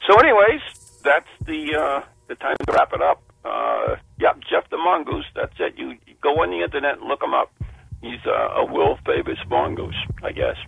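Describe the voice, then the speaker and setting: A male radio host with a heavily gravelly, husky voice. His pitch moves about a lot as he rambles through stories in a chatty way. The close mic keeps the sound dry. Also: wildly swooping pitch, moderate pace, a bit bright, dry recording, low-quality recording. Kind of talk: radio talk show.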